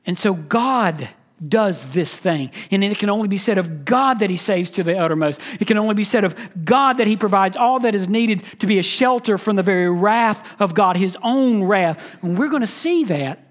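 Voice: medium pitch, expressive, normal speed. A pastor preaching an expository sermon, emphatic and teaching, repeating key phrases and asking the listeners questions.

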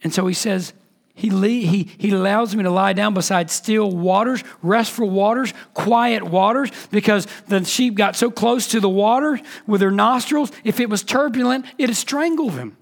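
A man preaching a sermon with a high voice. He delivers it with emphasis, leaning into key words, then sinks to a near hush before building back up. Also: normal speed. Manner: emphatic preaching, swings between loud and hushed. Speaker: pastor.

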